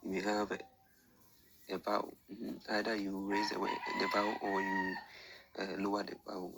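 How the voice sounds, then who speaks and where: A man's voice: deep voice, monotone, moderate pace, gravelly, background noise. A man teaching an online lesson, explaining step by step in a patient, repetitive way and thinking aloud with fillers. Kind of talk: screen-share lesson explanation.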